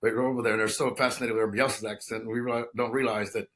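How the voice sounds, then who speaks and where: A man in his fifties from Texas, speaking as an interview guest at a medium pitch. He talks at length and loops back on himself, restarting phrases and leaning on "you know" as he explains. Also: level tone, rapid-fire, fairly bright tone. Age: 50s. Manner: talkative, many restarts and "you know" fillers. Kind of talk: conversational interview.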